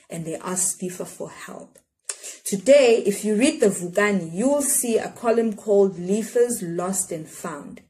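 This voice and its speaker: A woman reads a children's picture book aloud, shaping each phrase expressively. She leans into dramatic pauses at a mid-range pitch. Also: a little mellow. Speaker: storyteller. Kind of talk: children's storybook read-aloud.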